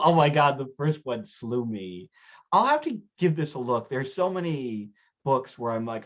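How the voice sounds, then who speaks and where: Excited guy hosting a reading night, gushy and laughing a lot, dull lo-fi sound. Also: mid-range voice, normal speed. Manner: excitable, gushing, laughs easily. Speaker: host of a reading series. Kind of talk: casual chat.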